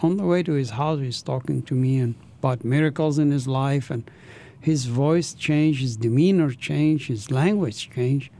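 A man's voice: medium pitch, moderate pace, mellow. A man, an interview guest, telling his life story with an intense, earnest manner.

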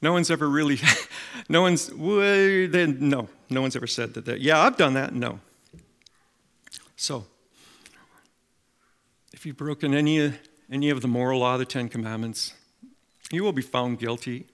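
A middle-aged man preaching a sermon, telling stories and making emphatic, animated appeals to the congregation. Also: mid-range voice, unhurried, long pauses. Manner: animated storytelling with acted quotes and emphatic appeals.

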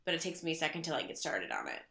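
Playful female co-host, slightly low bright voice, echoey room recording. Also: wildly swooping pitch, rapid-fire, gravelly. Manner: playful, joking, agreeable. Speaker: podcast co-host. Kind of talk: casual chat.

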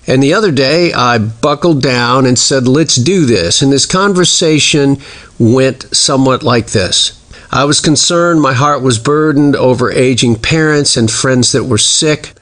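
A man's voice: medium pitch, a bit bright. Earnest reflective man in his sixties. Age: 60s. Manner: earnest, reflective, speaks prayers aloud in rhythmic lists. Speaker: speaker sharing a devotional reflection. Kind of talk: personal devotional talk.

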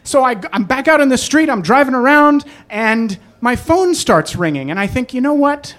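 An animated storyteller recounts a personal story on stage, jumping into voices for each quote. The pitch swings widely while the voice sits in a middle register. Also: moderate pace.

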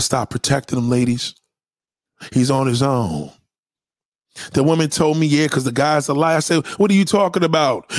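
A man's voice: mid-range voice, dry recording, studio quality. A man hosting a casual livestream, reading viewer comments and ranting bluntly with lots of profanity. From New York. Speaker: livestream host.

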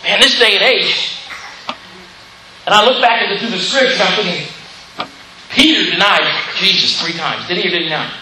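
Fiery male preacher, high-pitched, call-and-response, echoey church sound. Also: animated, moderate pace, pauses often, background noise. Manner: preaching with call-and-response "Amen?", rising to shouts. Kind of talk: fiery sermon.

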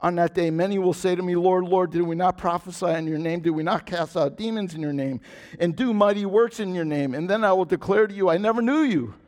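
A man preaching with a somewhat high-pitched voice, earnest and insistent. He repeats phrases and stumbles over restarts. His voice sinks quiet and low for emphasis. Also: a little fast. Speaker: pastor. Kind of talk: sermon.

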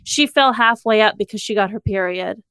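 A woman reading a comedic story aloud in a deadpan storytelling manner on a close studio mic. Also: mid-range voice, moderate pace, clean tone, no echo. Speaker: co-host reading fan fiction.

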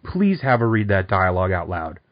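A man's voice: low-pitched, big pitch swings, normal speed. Podcast co-host, male, rambling and loose, full of ums, muffled lo-fi sound. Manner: rambling, lots of fillers and restarts. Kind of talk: casual comic book podcast chat. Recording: dull lo-fi audio.

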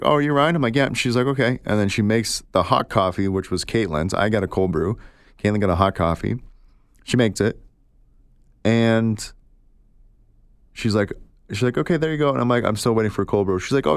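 A man's voice: lowish voice, steady tone, moderate pace, dry recording. A man hosting a casual solo podcast, chatting and telling stories, acting out the people he quotes. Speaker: podcast host.

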